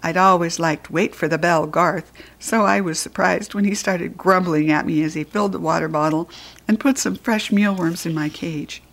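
A woman's voice: on the low side, moderate pace, vocal fry. Woman reading a children's story aloud. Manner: expressive, lively reading. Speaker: narrator reading a children's book.

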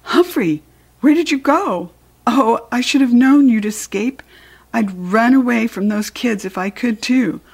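A woman's voice: on the high side, moderate pace, pitched above the performer's own voice, close to an everyday voice. A woman voicing an anxious, earnest father who pleads and then gives firm orders, in a storybook reading. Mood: pleading.

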